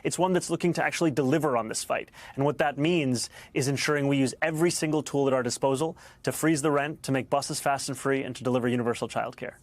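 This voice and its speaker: A man speaking as a political candidate, measured and on-message, answering press questions. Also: medium pitch. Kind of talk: campaign speech.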